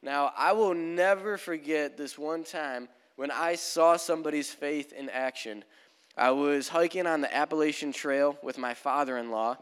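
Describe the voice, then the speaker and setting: A man's voice: a little high, normal speed, a bit bright, clear, resonant tone. A young male pastor preaching a sermon in a casual, storytelling manner in a church. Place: church sanctuary. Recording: long church hall reverb.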